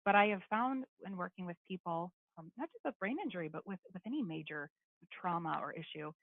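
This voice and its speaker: Woman doing a webinar presentation, earnest and steady, lots of ums, thin phone-line audio. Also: lowish voice, a little fast, dry recording. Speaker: brain injury behavior specialist presenting a webinar. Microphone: webinar call audio. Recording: tinny phone-line sound, dry.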